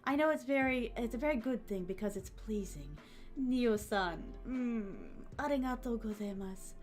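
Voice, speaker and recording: A woman streamer chatting casually with her viewers and reading their comments, with a soft, relaxing, motherly voice. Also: a little high, moderate pace, faint music behind.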